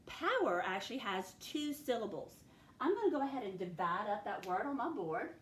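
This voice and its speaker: A woman's voice: a little high, big pitch swings. A woman teacher leading a phonics spelling lesson for children, sounding out each word patiently. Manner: slow, patient, sounds words out. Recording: echoey room, faint background noise.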